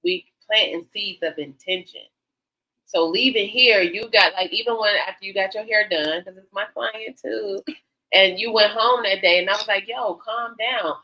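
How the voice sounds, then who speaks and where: On slightly dull lo-fi audio, an older radio talk show host tells stories at a moderate pace. Her mid-range voice is pushed and bright, and she's frank and animated, performing the quotes in a candid, casual chat.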